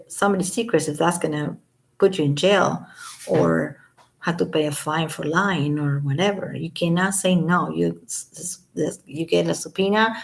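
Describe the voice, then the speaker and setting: A woman's voice: fairly low pitch, gravelly. A woman giving casual commentary as a vlogger, reading statements aloud and breaking off with sarcastic, scoffing asides.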